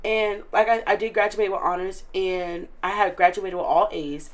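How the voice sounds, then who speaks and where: An eighteen-year-old woman speaks as an interview guest in a middle-pitched voice. She is earnest and emotional, and fills her sentences with "like". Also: fairly even intonation, normal speed. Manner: earnest and emotional, many filler likes. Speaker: interview guest, recent high school graduate. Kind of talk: casual interview chat.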